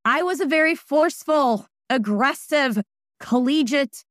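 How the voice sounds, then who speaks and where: A woman in her forties, a wellness practitioner being interviewed, talking in a casual, emphatic and animated way that jumps between asides. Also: high voice, a little slow, dry recording, clean studio sound.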